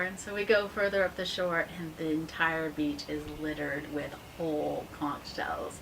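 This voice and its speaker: A woman with a low voice speaks as a guest in a relaxed interview. She acts out her story with lively quotes, then drops into a quiet, earnest tone. A clear hiss of background noise sits under the voice. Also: normal speed. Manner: animated storytelling, softening to a hushed, earnest tone. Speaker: interview guest, ministry founder. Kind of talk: casual conversational interview.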